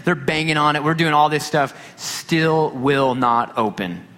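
A man, a pastor, preaching a sermon and telling a personal story with lively quoted dialogue. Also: a little high, unhurried. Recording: long hall reverb.

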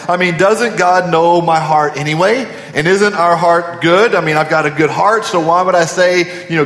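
A man's voice: sits high, normal speed, few pauses, fairly bright tone. A man preaching a sermon as pastor in a large church auditorium, with repeated phrases and rhetorical questions. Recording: echoey hall from a distance.

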